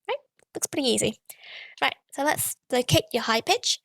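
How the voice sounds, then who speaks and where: A woman's voice: high-pitched, fairly quick, fairly bright tone, no room sound. A woman teaching a pronunciation lesson, patiently demonstrating tones with sung syllables and checking in with frequent "okay"s. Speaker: language teacher.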